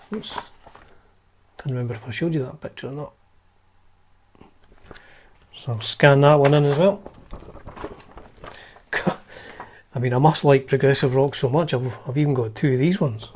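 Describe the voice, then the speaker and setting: A man's voice: on the high side, a little mellow, slight background noise. Chatty man leafing through old magazines. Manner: chatty and wry, with many fillers and restarts. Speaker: guitar channel host. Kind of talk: casual talk, showing old magazines.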